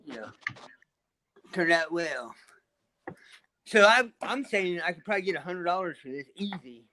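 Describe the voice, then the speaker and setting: A man's voice: sits high, animated, unhurried, noisy background. Rambling man on a video call. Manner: rambling, shows off his stonework and builds. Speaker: panel guest. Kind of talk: casual live video chat.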